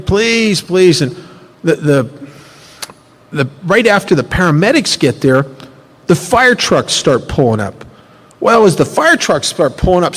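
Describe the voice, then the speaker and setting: A man tells stories to a recovery workshop, his voice swooping up and down with lots of energy and frequent restarts. His voice sits a little high, and a long hall reverb hangs behind him. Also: husky. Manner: animated, repetitive storytelling. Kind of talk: personal storytelling talk.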